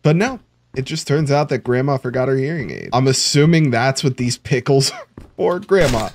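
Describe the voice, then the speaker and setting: A man's voice: mid-range voice, moderate pace, slight background noise. A man joking sarcastically through a let's play commentary. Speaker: gamer.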